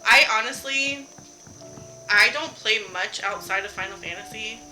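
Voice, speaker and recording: A woman's voice: fairly high pitch, a little slow, pushed and bright, soft background music, rough recording. A young woman streaming a game from home, chatting casually with her viewers, laughing often and swearing lightly. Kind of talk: casual live-stream chat while gaming.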